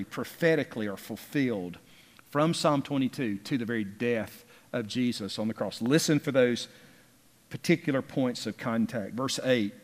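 A man preaching a sermon with emphasis, drawing out key words and rising in force when he reads scripture. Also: mid-range voice. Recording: long reverb of a large hall.

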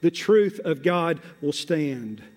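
A man preaching a sermon as pastor, drawing out key words and repeating phrases, swelling from hushed, slow passages to loud, rising exhortation. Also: fairly high pitch, expressive. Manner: emphatic, drawn-out words and repetition. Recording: long hall reverb.

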